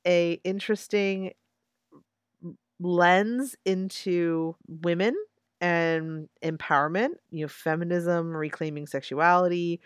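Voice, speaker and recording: A woman's voice: on the low side, fairly even intonation, slow, smooth, dry recording, studio quality. A woman co-hosting a casual discussion podcast, thoughtful and wry, often agreeing with short fillers.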